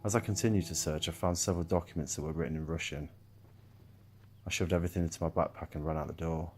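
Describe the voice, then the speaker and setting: A man narrating a first-person horror story in a calm, measured way. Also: a bass voice. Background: faint guitar music.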